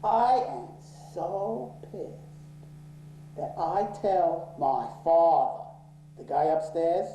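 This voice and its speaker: A man telling a story in an interview, swearing freely and getting worked up and loud when angry. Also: on the high side, drawn-out words, a little hiss or hum. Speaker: interviewee, office owner. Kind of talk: profane, animated storytelling in an interview. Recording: roomy echo.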